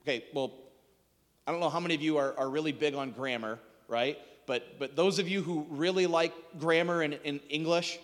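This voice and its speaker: A man preaching a sermon in a conversational, animated way, quizzing his listeners with questions. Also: on the high side, moderate pace, in a large hall.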